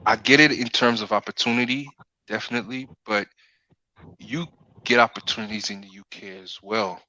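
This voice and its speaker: A man's voice: lowish voice, normal speed, sharp tone, lo-fi sound. A man talking as a guest in a casual livestream chat, laid-back and peppering his points with "you know what I'm saying". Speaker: podcast guest.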